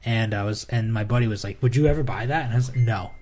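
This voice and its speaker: A man co-hosting a casual sports podcast, speaking in a low-key, dry way and often trailing off quietly. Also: quick pace. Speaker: podcast co-host.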